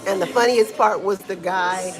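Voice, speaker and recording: A woman giving casual live-stream commentary from home in Brazil, talking in a slangy, animated way and answering chat comments, with a small clip-on mic. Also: mid-range voice, normal speed, a crowd in the background. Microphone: small clip-on microphone being tested. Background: Brazilian music playing.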